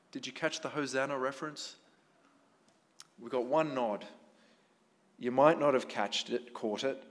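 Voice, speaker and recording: A man's voice: medium pitch, moderate pace. A man preaching a sermon to a congregation in a conversational way, often asking them questions. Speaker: pastor. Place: church hall with congregation. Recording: long hall reverb.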